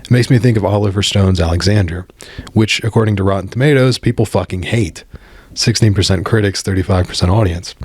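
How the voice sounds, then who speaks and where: American male commentator, low husky voice, blunt and opinionated, swears freely. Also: fairly quick, a little mellow, dry recording. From United States. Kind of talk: scripted commentary monologue.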